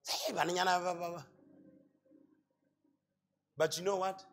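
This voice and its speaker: A male pastor with a Botswana accent preaching a sermon, asking rhetorical questions and building to loud shouts. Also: sits high, fairly even intonation, unhurried, pauses often. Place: church hall.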